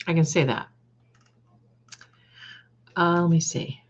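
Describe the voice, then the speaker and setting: A woman hosting a psychic livestream, chatting with viewers, trailing off and restarting, and slowly reading out lists of words. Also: fairly low pitch, fairly even intonation, dull audio. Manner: reads out word lists slowly.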